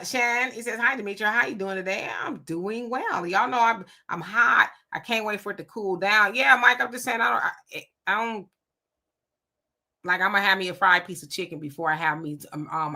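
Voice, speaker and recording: A woman's voice: medium pitch, pushed and bright. A middle-aged woman from Southern California hosting a casual live stream, chatting and laughing as she talks back to her viewers. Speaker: live-stream host reading chat.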